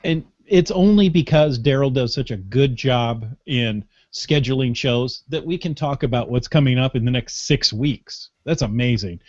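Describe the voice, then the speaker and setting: A man's voice: medium pitch, darkish tone, slightly rough, dry recording. A man hosting a casual podcast in a playful, joking way. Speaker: podcast host. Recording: dull lo-fi podcast audio.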